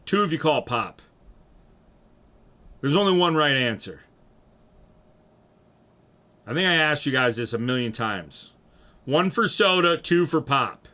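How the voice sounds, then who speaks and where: A man's voice: medium pitch, lively intonation, a little slow, long pauses, pushed and bright. A young man, rambling and joking profanely as he chats with his livestream audience. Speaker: streamer. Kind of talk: casual livestream chat.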